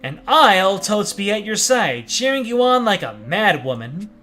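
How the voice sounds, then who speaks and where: Man doing a perky fairy girl, raised pitch, bright tone, faint game music underneath. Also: very animated, a little slow, full character voice. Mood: cheery. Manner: bubbly, slangy. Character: chipper fairy girl sidekick.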